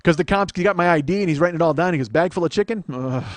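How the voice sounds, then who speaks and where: A man telling a profane, animated story on a comedy podcast, acting out what other people said. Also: on the high side, racing. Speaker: comedian host.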